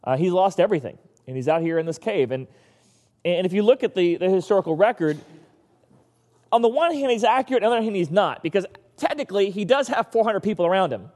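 A man's voice: high voice, expressive, fast, a little mellow, big-room sound. A male pastor giving a casual, conversational sermon and acting out the voices of the people he talks about.

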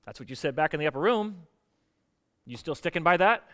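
A man preaching a sermon in a lively, animated way, acting out the people he quotes. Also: a little high, brisk. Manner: animated, acts out quotes with rising energy. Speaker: pastor. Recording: reverberant hall.

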